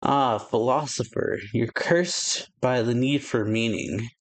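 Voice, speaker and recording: A man reading out a calm, aloof immortal man in a slow, measured way. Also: mid-range voice.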